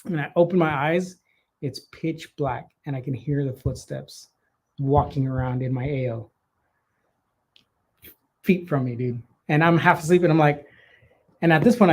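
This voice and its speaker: A man co-hosting a casual podcast, his voice sitting a little high for a man. He tells stories in an animated, profane way, and his delivery is loose and conversational. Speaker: podcast co-host. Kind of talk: casual chat, storytelling.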